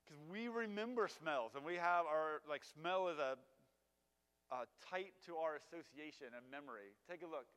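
Asking his congregation questions and sprinkling in fillers, a male preacher delivers a relaxed, conversational sermon. He sounds expressive, clean, and a bit bright, with a voice on the high side at a moderate pace, all wrapped in long hall reverb.

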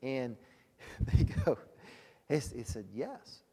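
A man's voice: mid-range voice, huge pitch swings, dark tone, breathy edge, long reverb tail. A man leading a ministry, telling testimony stories in a conversational way, with frequent restarts and laughter. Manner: conversational storytelling, halting restarts, laughs often. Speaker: ministry leader.

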